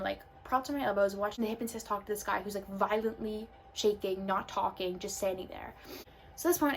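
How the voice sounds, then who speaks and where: Speaking at a medium pitch with a fairly bright tone, this young woman shares a personal story on her casual vlog. She rambles with lots of "like" and loose asides, and there's faint noise in the background.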